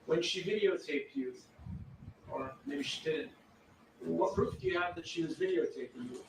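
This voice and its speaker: A man working as an attorney, pressing a witness with measured yes-or-no questions in a courtroom. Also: a little high. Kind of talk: courtroom cross-examination. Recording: distant mic in echoey courtroom, noisy.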